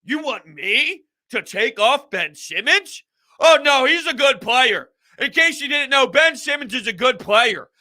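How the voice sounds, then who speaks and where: A man's voice: extremely high pitch, animated, measured pace, pushed and bright, voice pushed up, heavily acted. A man imitating a dismissive older male coach brushing off fans, in a mocking, condescending way.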